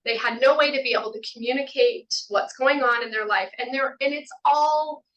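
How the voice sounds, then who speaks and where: A woman hosting a podcast, asking long, searching questions in a gentle, rambling way. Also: high-pitched, normal speed, lo-fi sound. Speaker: podcast host. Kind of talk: interview questions.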